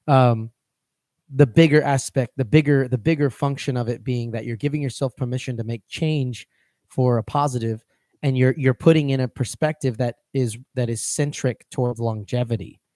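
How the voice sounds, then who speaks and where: A man's voice: mid-range voice, steady tone, normal speed, mellow, dry recording, studio quality. A man co-hosting a fitness coaching podcast, talking casually and rambling, often restarting his phrases.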